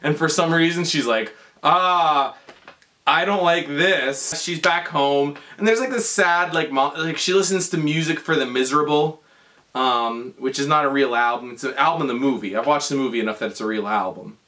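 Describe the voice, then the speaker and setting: A man's voice: fairly high pitch, a little fast, fairly bright tone. A tipsy man rambling through a comedic drunken retelling of a movie, heavy on fillers and swearing. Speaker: drunk storyteller.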